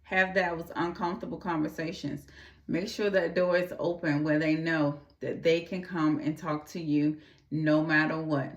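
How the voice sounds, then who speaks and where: A woman's voice: low voice, flat delivery, reverberant, far from the mic, lo-fi sound. A woman talking earnestly to her audience, repeating her urgings and briefly acting out the voices of people she describes. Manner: earnest, repeats urging phrases, acts out quick quoted voices. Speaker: host. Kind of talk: casual talk to camera.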